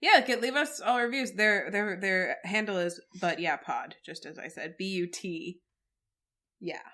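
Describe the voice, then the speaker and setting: A woman's voice: medium pitch, measured pace, pushed and bright. A woman co-hosting a podcast, sniffly with a cold, laughing as she reads out plugs and contact details. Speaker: podcast co-host. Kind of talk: casual chat.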